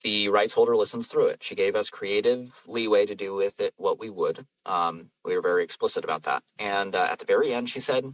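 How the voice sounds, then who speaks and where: A man's voice: fairly low pitch, a little fast, hardly any pauses, dry recording, far from the mic, poor audio. A man, an audiobook narrator and voice actor, chatting casually in an interview, rambling and self-deprecating, laughing often. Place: home vocal booth.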